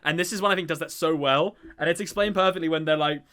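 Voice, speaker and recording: A man's voice: on the high side, quick pace, pushed and bright, smooth. A man, hosting a casual, enthusiastic chat about a TV comedy and rambling with lots of fillers. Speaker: podcast host.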